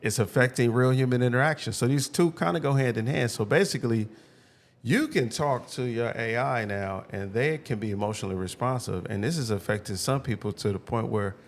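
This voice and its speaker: A man co-hosting a podcast in casual chat, laid-back, his voice trailing off quietly at the end of phrases. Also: mid-range voice, fairly quick. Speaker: podcast co-host.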